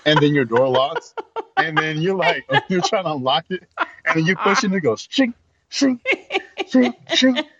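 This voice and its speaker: A man's voice: fairly high pitch, brisk, bright, forceful tone, muffled recording. A man co-hosting a casual comedy podcast, laughing often as he acts out silly made-up scenarios. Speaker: podcast co-host.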